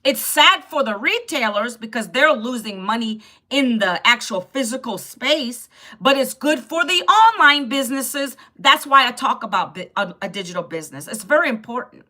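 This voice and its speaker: A woman's voice: on the high side, animated, moderate pace, bright, forceful tone. A woman in her fifties hosting a casual live stream, chatting with viewers and answering their comments as they come in. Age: 50s. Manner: chatty, talks straight to viewers' comments, laughs often.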